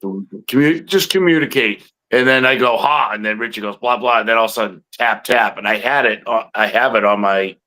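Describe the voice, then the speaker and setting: A man's voice: on the low side, fairly even intonation, fast talker, hardly any pauses, pushed and bright, rough recording. A man co-hosting a podcast, telling a field story in a rambling way with many fillers. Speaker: podcast co-host, Bigfoot investigator. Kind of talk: casual chat.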